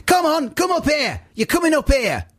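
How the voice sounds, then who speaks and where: A man voicing a loud, bossy middle-aged woman who shouts orders in a domineering way. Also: high-pitched, huge pitch swings, moderate pace, voice pushed up.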